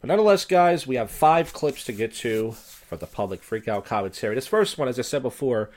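A man's voice: medium pitch, expressive, fairly quick. A man hosting a casual commentary show on viral clips, talking in a blunt, profane, sardonic way. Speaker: host.

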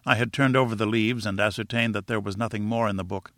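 Man with a bright, crisp narrating voice. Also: fairly low pitch, no echo, clean studio sound. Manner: measured, even storytelling reading. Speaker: audiobook narrator. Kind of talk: scripted narration.

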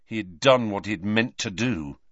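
A man's voice: on the low side, a little slow, fairly bright tone, no echo, highs cut off. A man voicing a teenage boy who speaks savagely and bitterly.

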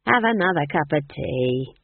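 A woman's voice: deep voice, expressive, moderate pace, vocal fry, husky, no room sound, full character voice. A reader voicing a cheerful, coaxing old witch with an earthy, bawdy manner. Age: older. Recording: tinny, dry phone-like audio.

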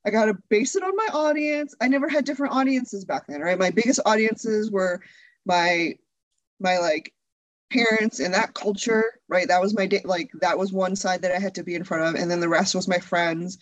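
A woman's voice: fairly low pitch, normal speed, dry recording, rough recording. A woman being interviewed as a video creator, chatting candidly with frequent laughs and lots of restarts.

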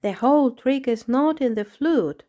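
Woman reading as a calm fakir man, a bit of a whisper in places, storybook voice. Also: high voice, unhurried, voice pushed up. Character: wise former snake charmer, male fakir.

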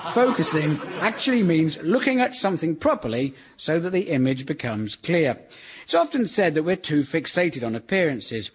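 Give me a sardonic man in his forties as a comedy host, slightly high voice. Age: 40s. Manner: wry, sardonic, lively delivery. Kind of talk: scripted radio comedy monologue. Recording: hissy archive radio recording.

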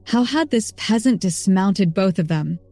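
Brief: female narrator, even storybook delivery, middle pitch, light music bed. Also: a little slow. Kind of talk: scripted narration.

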